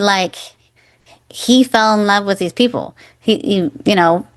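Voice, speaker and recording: A woman in her forties co-hosting a podcast, chatting casually and enthusiastically about a film, acting out lines as she goes. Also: mid-range voice. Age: 40s. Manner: enthusiastic, acts out quoted lines. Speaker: podcast co-host. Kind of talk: casual chat.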